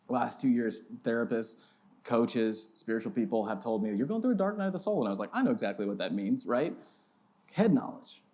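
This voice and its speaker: A man's voice: medium pitch, darkish tone. A man in his thirties preaching as a pastor, telling a self-mocking story with big swings in his voice. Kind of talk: storytelling sermon. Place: church sanctuary.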